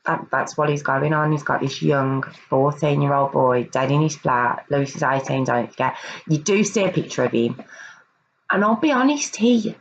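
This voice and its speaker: Gravelly woman recounting a case. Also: rumbling low, normal speed, lo-fi sound, a little hiss or hum. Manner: hesitant, restarts and repeats words, earnest. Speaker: true crime vlogger. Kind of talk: casual true crime review.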